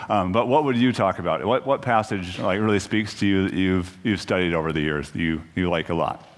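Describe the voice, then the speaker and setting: A preacher with a low, slightly fast voice gives a casual, conversational sermon in a church sanctuary, and the recording carries long church reverb. He jokes at his own expense and restarts his sentences often.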